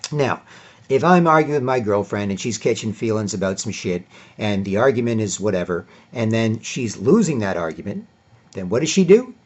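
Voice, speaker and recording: A man's voice: fairly low pitch, lively intonation, normal speed, dull audio. A man ranting in a casual, profane, rambling commentary vlog. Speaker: vlogger and commentator.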